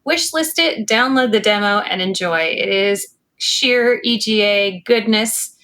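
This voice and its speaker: A woman guest on a podcast, talking casually in an excited, upbeat way. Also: mid-range voice, unhurried. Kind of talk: casual chat.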